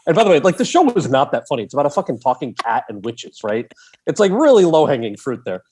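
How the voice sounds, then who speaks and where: A man in his forties, a podcast guest, telling a long story in an animated way and acting out the voices of the people in it. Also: on the high side, fast talker, husky. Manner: animated, acts out quoted voices in his anecdotes.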